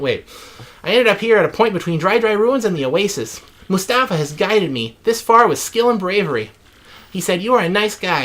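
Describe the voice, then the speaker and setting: A man's voice: high voice, fairly bright tone. A man hosting a let's play, reading in-game text with mock drama and joking asides.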